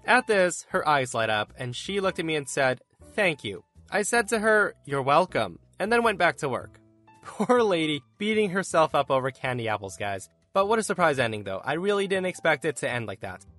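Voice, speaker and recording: A man hosting a podcast, reading stories aloud in an animated storytelling way. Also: normal speed, soft background music. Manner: animated storytelling with lively pitch.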